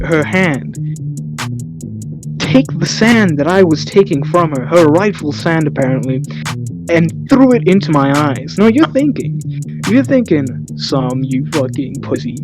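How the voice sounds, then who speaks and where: Young man telling crude comedic stories. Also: on the high side. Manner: animated, crude, self-mocking with put-on quotes. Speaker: podcast co-host. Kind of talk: casual comedic storytelling.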